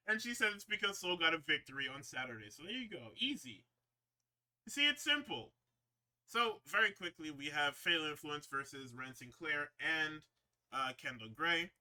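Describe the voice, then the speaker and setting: A man's voice: fairly high pitch, animated, moderate pace, bright, forceful tone. A man hosting a podcast, recapping wrestling shows in a rambling, profane, casual way with frequent laughs. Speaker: podcast host.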